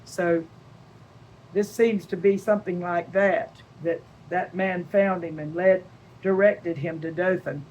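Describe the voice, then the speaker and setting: A woman's voice: on the low side, steady tone, slow pace, a little mellow, highs cut off, a little hiss or hum. An older woman giving a homely Bible lesson, reading scripture aloud and chatting about it, asking questions and answering them herself. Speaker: Bible teacher.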